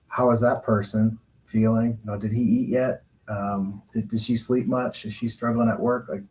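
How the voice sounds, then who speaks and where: Calm, measured male counselor. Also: lowish voice, low-quality recording. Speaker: guest counselor and coach. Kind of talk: calm advice-giving talk.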